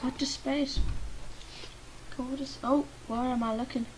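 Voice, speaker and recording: Slow-talking Lithuanian-accented woman commentating a game. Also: high-pitched, steady tone, a little hiss or hum. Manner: chatty, talks to the game characters, swings from mumbling to loud protests. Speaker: gaming YouTuber. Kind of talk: life-sim gameplay commentary. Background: faint game music.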